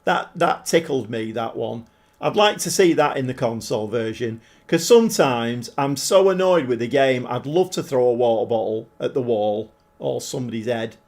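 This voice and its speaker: A man's voice: mid-range voice, lively intonation, moderate pace. A man casually commentating while live-streaming a football management game and chatting with viewers, swearing mildly along the way. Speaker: game livestreamer.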